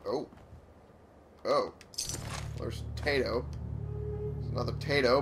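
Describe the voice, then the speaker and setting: Brief: male gameplay commentator, lively pitch, self-deprecating and swearing, steady noise behind. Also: slow pace, gravelly, long pauses.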